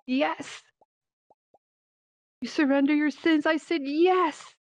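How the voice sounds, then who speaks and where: A woman's voice: a little high, fairly even intonation, darkish tone, dry recording. Earnest woman sharing a faith testimony. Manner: earnest, halting, with many pauses and fillers. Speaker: church member giving a testimony. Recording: dull, dry lo-fi headset audio.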